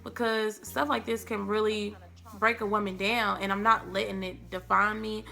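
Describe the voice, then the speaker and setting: A young woman vlogger, telling a dramatic storytime in a casual, animated way. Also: medium pitch, normal speed, gravelly. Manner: animated, dramatic, acts out quotes. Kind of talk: storytime vlog. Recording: faint background music.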